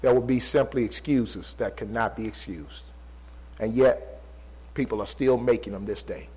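A man preaching a sermon, repeating rhetorical questions, swinging between loud emphatic pleas and low, quiet passages. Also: fairly even intonation, normal speed, breathy edge, rough recording.

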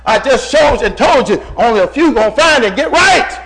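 Raspy, gravelly preacher man with a high, lively voice. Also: brisk. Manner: impassioned preaching, swinging from shouts to hushed tones; addresses the congregation as brother. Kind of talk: sermon.

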